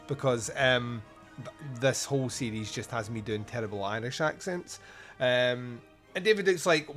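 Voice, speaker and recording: A male podcast host chatting loosely about a film, laughing often and tripping over his words. His voice is middle-pitched, and faint music runs underneath. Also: moderate pace, a bit bright. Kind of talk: casual film review chat.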